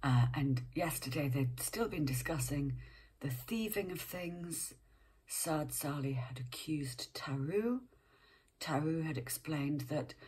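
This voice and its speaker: A woman's voice: sits low, warm tone, breathy edge. A woman reading a book aloud page by page, breaking off for chatty asides and sometimes dropping to a whisper. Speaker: reader.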